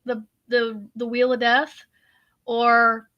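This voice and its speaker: A woman's voice: fairly high pitch, monotone, takes it slowly, dull audio. A woman, casually chatting on her crochet livestream, giggly and talkative, laughing so hard her eyes water. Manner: giggly, chatty, addresses viewers as y'all. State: laughing to tears.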